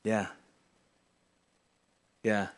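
A man preaching a sermon in church, swinging from loud emphatic lines to quiet, low asides. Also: very slow. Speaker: pastor. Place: church sanctuary.

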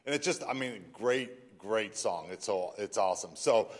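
A man's voice: lowish voice, lively intonation, moderate pace. A man giving church announcements in a chatty, rambling way, choked up with emotion. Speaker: announcements speaker.

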